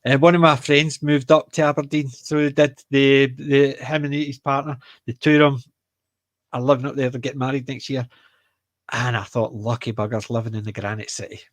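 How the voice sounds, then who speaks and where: Glaswegian guy rambling and cracking jokes, dry close mic, middle pitch. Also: level tone, normal speed, dry recording. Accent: Glaswegian Scottish. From Scotland. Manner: rambling, self-correcting, joking. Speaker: podcast co-host. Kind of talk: casual chat.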